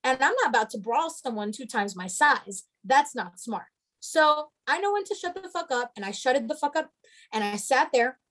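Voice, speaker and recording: High-voiced sassy young woman storyteller. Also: moderate pace. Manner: animated, profane, sassy. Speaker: storyteller guest. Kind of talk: casual storytelling chat.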